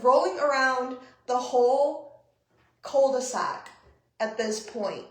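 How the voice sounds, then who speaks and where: Animated, profane young woman vlogger. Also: high-pitched, slow pace, roomy sound. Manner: animated, profane, acts out both sides of the story. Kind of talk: storytime vlog.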